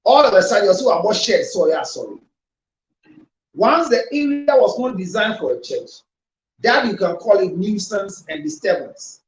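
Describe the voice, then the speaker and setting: A man's voice: sits high, sing-song, moderate pace. Counselor man in echoey room. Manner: firm, explanatory, advising. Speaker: counselor and host. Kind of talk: advice talk show. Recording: echoey room with faint noise.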